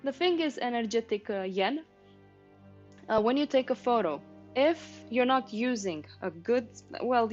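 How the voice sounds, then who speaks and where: A woman in her thirties teaching drawing on a casual livestream, chatty and explanatory, talking to viewers in the chat. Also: medium pitch. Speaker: art teacher streaming a painting session. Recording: slightly muffled stream with faint music.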